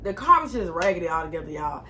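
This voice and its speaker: A young woman in her twenties tells a story straight to the camera in a lively, talkative way, swearing often. Her voice is bright and forward, and a faint background hum sits under it. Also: on the low side, quick pace. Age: 20s. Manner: animated, chatty, swears freely. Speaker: vlogger. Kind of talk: casual storytime.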